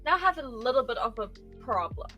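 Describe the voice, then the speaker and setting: A woman chats loosely on a live stream, circling back and padding her sentences with fillers. Her voice sits a little high for a woman, and faint lo-fi music plays underneath. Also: sing-song, fast talker, a bit bright. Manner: rambling, many fillers and restarts. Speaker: guest streamer. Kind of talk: casual stream chat.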